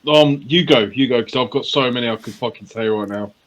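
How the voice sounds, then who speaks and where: A man's voice: medium pitch, a little fast, fairly bright tone, rough recording. A man co-hosting a casual podcast chat, teasing and joking and swearing freely. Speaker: podcast co-host.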